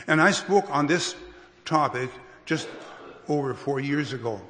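A man preaching a sermon as a pastor, unhurried, with restarts and careful emphasis. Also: medium pitch, fairly bright tone. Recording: long reverb of a hall.

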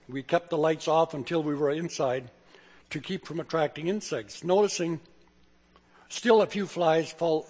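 An older male pastor delivers a sermon with a relaxed, folksy, joke-telling manner. His voice sits a bit high for a man. It rings out with a long hall reverb, like a church sanctuary. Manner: folksy, chuckling storyteller. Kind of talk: sermon with humorous stories.

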